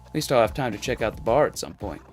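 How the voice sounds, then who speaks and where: A man's voice: lowish voice, very animated, quick pace, a little mellow, faint music behind. Man doing a laid-back male singer, casual, easygoing, game voice.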